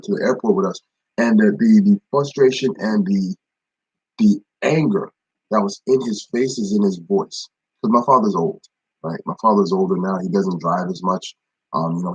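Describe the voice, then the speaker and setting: A man's voice: on the low side, breathy edge, poor audio. A young man leading an informal devotional talk, speaking conversationally, repeating phrases for emphasis and greeting viewers by name. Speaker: ministry devotion leader.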